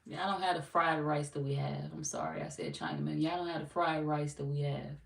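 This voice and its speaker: Hosting a tarot livestream, this young St. Louis woman talks briskly and animatedly in a deep, creaky voice, keeping things casual, profane, and jokey with her viewers. She sounds far from the mic in a roomy space, with some light noise.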